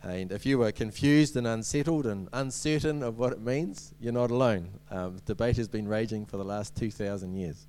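A man's voice: lowish voice, moderate pace, hardly any pauses, a little mellow, clean tone. A man giving a sermon as a preacher, in a conversational way with many ums and restarts and light humorous asides.

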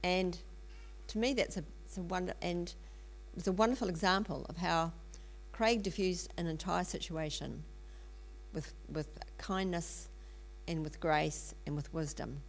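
A middle-aged woman preaching in an earnest storytelling way. Her voice sits a little low and has a gravelly edge. She pauses often with ums and restarts her sentences. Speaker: speaker in a church teaching series. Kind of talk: sermon storytelling.

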